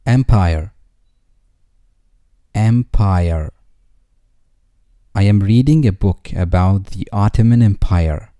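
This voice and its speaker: A man reading English vocabulary words twice each, followed by a slow example sentence. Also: on the low side, mellow, dry recording.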